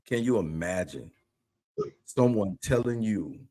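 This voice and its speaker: A man's voice: on the low side, lively intonation, unhurried, mellow. A man in a livestream conversation, telling a church story with animation and acting out the dialogue. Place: remote livestream call.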